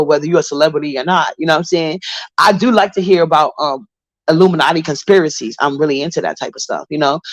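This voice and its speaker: Blunt, profane New livestream host. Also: female voice, low-pitched, dry recording. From Brooklyn, New York. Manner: blunt, profane, gossipy storytelling. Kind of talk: casual livestream chat. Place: home apartment.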